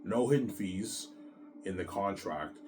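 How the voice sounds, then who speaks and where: Low-voiced man rambling boastfully. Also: expressive, unhurried, noisy background. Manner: boastful, repetitive, coughs now and then. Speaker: show host. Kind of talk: rambling solo monologue.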